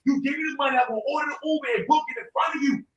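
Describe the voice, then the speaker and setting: Fast-talking guy with a really high voice, keeps demanding, far off in an echoey room with people around. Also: highs cut off. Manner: insistent, repeats demands. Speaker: tenant. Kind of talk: heated argument. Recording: distant echoey phone recording with crowd noise.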